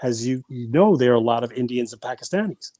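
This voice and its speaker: A man's voice: mid-range voice, lively intonation, fast talker, mellow, no room sound. A man guest on a podcast, telling family stories in a rambling, casual way with many restarts and repeated words. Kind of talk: casual storytelling.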